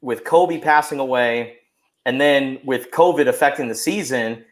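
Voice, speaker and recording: A man's voice: medium pitch, moderate pace. A man joining a podcast by video call, talking in an exuberant, boisterous way about his team. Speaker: guest. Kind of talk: casual sports chat.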